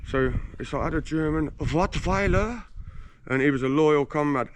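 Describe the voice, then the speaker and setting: At a moderate pace and on the high side, this Englishman spins boastful tales in a casual, slangy street interview, cursing freely. He stands outside on a residential street, with slight background noise in the recording.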